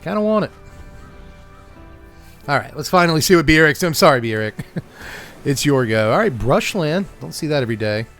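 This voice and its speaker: A man's voice: fairly high pitch, sing-song, fairly quick, pauses often, fairly bright tone, soft background music. A man hosting a card game channel, giving wry, joking gameplay commentary and chuckling often.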